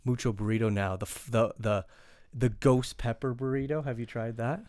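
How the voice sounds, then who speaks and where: A young man co-hosts a joking podcast in an even, mid-pitched voice. He sounds wry and tries to keep the show on track. The recording is close and dry. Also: moderate pace, no room sound. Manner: wry, steers the show along. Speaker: podcast co-host. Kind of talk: casual chat.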